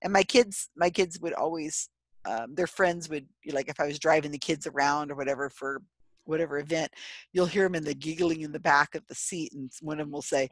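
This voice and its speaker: A woman's voice: low voice, fairly quick, dry recording. A woman from California with children, telling stories in a casual video-call chat and laughing often. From California, USA. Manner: laughs often, animated storytelling.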